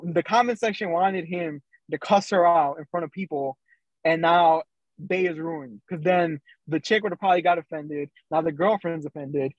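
A man's voice: fairly high pitch, dry recording. A man co-hosting a podcast, telling a story in casual chat with many ums and acted quotes. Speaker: podcast co-host. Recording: dry, slightly dull sound.

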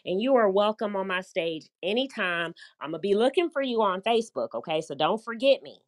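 A woman's voice: medium pitch, lively intonation, brisk. A middle-aged woman with a light Southern drawl, hosting a casual live chat in a chatty, upbeat way. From United States. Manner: chatty, upbeat, warm with listeners, loose run-on talk. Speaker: host, business coach.

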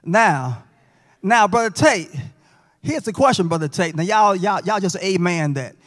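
A man's voice: high-pitched, animated, a little slow, a bit bright. A man teaching a Bible lesson in church, folksy, joking with and quizzing the class. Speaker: Sabbath school teacher. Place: church sanctuary. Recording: long church reverb.

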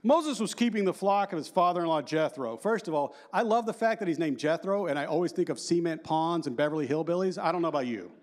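A man in his fifties giving a lively, joking conference talk and quizzing the audience. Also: a little high, fast, few pauses. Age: 50s. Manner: animated and joking, asks the audience questions. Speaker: conference speaker.

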